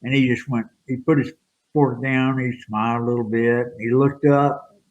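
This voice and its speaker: A man's voice: medium pitch, fairly even intonation, normal speed, slight background noise. An older man, a retired wrestler, telling rambling, good-humored anecdotes in a casual interview, recorded with a roomy, dull lo-fi sound.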